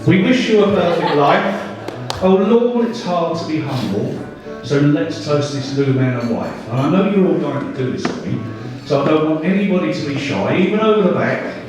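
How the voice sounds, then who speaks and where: A man's voice: a little high, lively intonation, normal speed, music in the background. An older man giving a father of the bride speech at a wedding reception, emotional and joking, then leading a sing-along. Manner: emotional, joking, self-deprecating. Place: large wedding reception hall. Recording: echoey hall recorded from far off.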